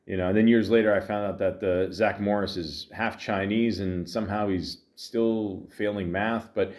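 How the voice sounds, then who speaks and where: A man's voice: fairly low pitch, moderate pace. Tired man rambling on a podcast. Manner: meandering, full of fillers and restarts, deadpan asides. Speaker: podcast host. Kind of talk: rambling comedic monologue.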